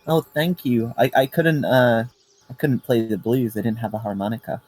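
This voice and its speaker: A man's voice: medium pitch, steady tone, moderate pace, a little mellow, breathy edge, no room sound, close to an everyday voice. A man voicing a goofy young human ranger who talks in a flustered, comic way. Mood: rambling.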